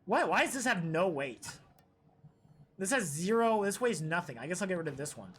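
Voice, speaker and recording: A man's voice: sits high, big pitch swings, moderate pace, fairly bright tone, a little hiss or hum. A man streaming live, rambling through opinions in casual, profane chat.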